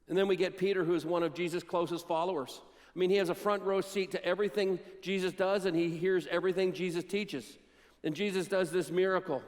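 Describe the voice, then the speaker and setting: A man preaching a sermon, retelling Bible stories and acting out the quotes with dramatic pauses. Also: high voice, big-room sound. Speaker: pastor. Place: church sanctuary.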